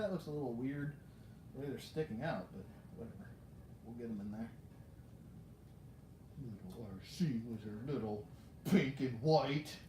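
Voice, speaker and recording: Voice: medium pitch, background noise. Rambling collector in a roomy space. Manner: rambling and self-mocking, talks to the toys, laughs often. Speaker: toy collector unboxing figures. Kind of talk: casual live unboxing chat.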